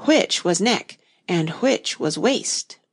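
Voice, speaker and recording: A woman's voice: mid-range voice, animated, slow, pitched above the performer's own voice. A woman voicing a polite, curious seven-year-old girl in a storybook reading. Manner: polite, earnest. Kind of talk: audiobook reading.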